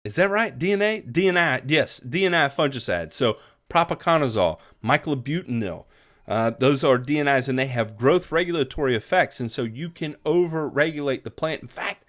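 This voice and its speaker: A man's voice: mid-range voice, fairly bright tone. A man hosting a live lawn care show, upbeat and folksy, greeting viewers by name and chatting casually. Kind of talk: live-stream chat with viewers.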